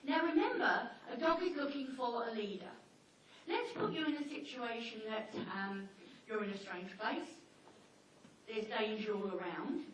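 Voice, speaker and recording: Animated woman teaching in an echoey hall. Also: a little high, unhurried, far from the mic, a little hiss or hum. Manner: lively, animated storytelling. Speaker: dog trainer. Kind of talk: seminar talk.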